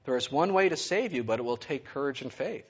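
A man voicing God speaking from heaven, steady and measured, with a husky tone. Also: mid-range voice, muffled recording. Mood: calm.

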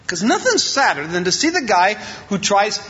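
Male pastor, casual humorous sermon delivery; high bright voice on a muffled lo-fi recording. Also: normal speed. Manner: animated and joking, acting out quoted voices. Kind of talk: informal sermon.

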